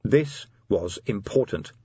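Husky expressive male audiobook narrator. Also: on the low side, slow, dry recording, muffled recording. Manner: expressive, voices each character.

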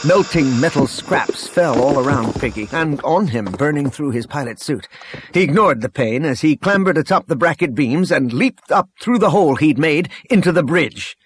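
A man's voice: a little high, expressive, moderate pace, slight background noise. A man narrating an action novel as an audiobook reader, reading expressively and voicing the characters' dialogue. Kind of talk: scripted narration.

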